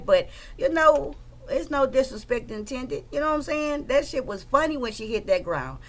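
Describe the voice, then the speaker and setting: A woman's voice: sits high, moderate pace. Chatty woman streaming live. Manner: chatty, animated, greets viewers by name. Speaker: livestream host commenting on trial footage. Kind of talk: casual livestream chat.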